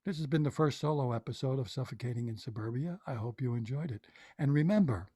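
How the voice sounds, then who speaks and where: A man's voice: mid-range voice, quick pace, mellow, no echo, studio quality. A male comedian hosting a solo comedy episode, joking in a scattered, stumbling way. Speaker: comedian host.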